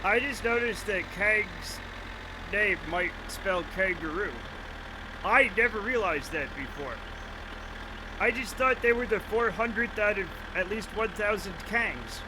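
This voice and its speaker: A man's voice: sits high, measured pace, background noise. A man streaming a game, chatting casually, joking, swearing and often laughing. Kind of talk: casual livestream commentary.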